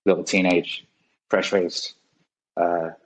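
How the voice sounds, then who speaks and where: A man's voice: low voice, flat delivery, slow pace, rough recording. A man in his forties, a guest on a podcast, telling rambling stories in a casual way and swearing often. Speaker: guest musician. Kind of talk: casual storytelling.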